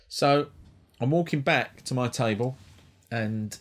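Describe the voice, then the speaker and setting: A man with a mid-range voice tells a rambling, profane anecdote on a comedy club stage, speaking slowly with frequent pauses and lots of restarts. He's a stand-up comedian doing storytelling.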